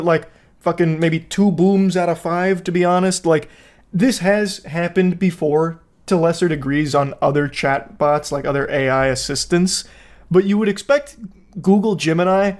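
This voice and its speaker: A young man giving casual commentary as a video host, sarcastic and profane with jokey asides. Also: on the high side.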